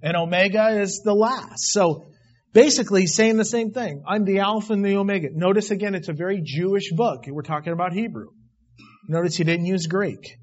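Emphatic husky preacher man, lo-fi. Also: high-pitched, moderate pace. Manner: emphatic, swings between loud declarations and quiet asides. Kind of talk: sermon on Revelation.

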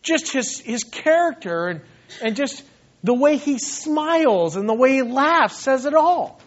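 A male pastor preaching a sermon in an animated way, often laughing and acting out short voices. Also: very high voice, a little slow, highs cut off.

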